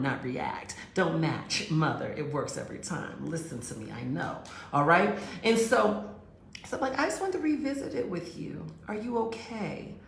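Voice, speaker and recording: A woman's voice: lowish voice, gravelly, slight background noise. A woman telling a relationship story and giving advice straight to her listeners, acting out both sides of the conversation. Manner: direct, addresses listeners as girls and honey. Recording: roomy echo.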